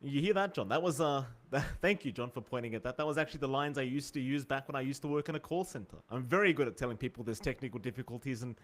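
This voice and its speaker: A young man casting an esports match live, trading playful teasing banter with his co-caster and getting excitable in the play-by-play. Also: medium pitch, quick pace, few pauses. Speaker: esports commentator. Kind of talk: live game commentary and banter.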